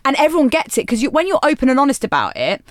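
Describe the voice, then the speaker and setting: A woman's voice: high voice, huge pitch swings, dry recording, studio quality. Chatty, candid woman in her thirties. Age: 30s. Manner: chatty, candid, self-mocking, quick asides. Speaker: presenter and DJ, podcast guest. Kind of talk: casual interview chat.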